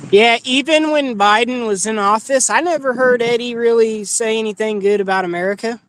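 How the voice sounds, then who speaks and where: Guy on a podcast, blunt and quick, cusses, very dry close sound. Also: very high-pitched, a bit bright, dry recording, low-quality recording. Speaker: podcast co-host. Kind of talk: casual political chat.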